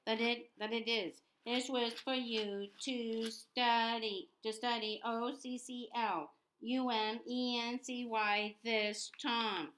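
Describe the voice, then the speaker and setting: A woman reading the lines of a cold, sneering male teacher in a quiet, smooth way, spelling words out, in a noisy home recording. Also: on the high side, fairly even intonation, takes it slowly, few pauses.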